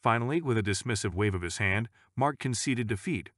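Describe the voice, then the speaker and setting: Low-voiced male story narrator, measured. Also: expressive, a bit bright, no room sound, studio quality.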